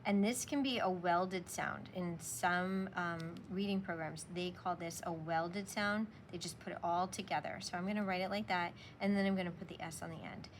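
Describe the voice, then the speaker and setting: A woman teacher giving a slow, patient spelling lesson, sounding out words for young students. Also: lowish voice, steady tone, a little hiss or hum.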